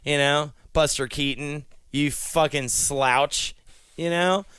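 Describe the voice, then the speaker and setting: A man delivering a rambling, profane comedy monologue, a podcast co-host who swings from low mutters to shouted rhyming rants. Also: steady tone, takes it slowly, dry recording. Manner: crude, profane stream-of-consciousness ranting; drops low and gravelly, then shouts and chants in rhymes.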